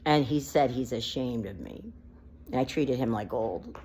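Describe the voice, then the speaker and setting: A woman's voice: a bass voice, a little slow, darkish tone, breathy edge. A woman vlogging off the cuff, rambling and emotional, close to crying as she talks. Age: adult with a child. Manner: emotional, rambling, near tears. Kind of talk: unedited personal vlog monologue.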